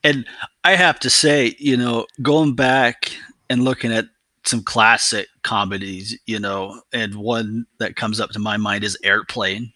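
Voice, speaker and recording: A man's voice: lowish voice, steady tone, unhurried, sharp tone, dry recording. A man in casual chat who talks reflectively about his favorites, with many "you know"s.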